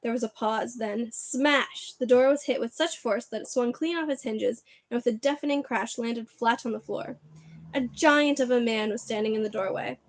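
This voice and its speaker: A woman reading a children's book aloud on a livestream, expressive and chatty between chapters. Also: fairly high pitch, moderate pace, dry recording. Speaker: reader.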